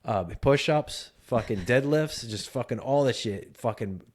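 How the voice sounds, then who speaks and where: A man's voice: mid-range voice, animated, a little slow. A man in his thirties co-hosting a casual comedic chat, riffing long profane stories. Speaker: podcast co-host.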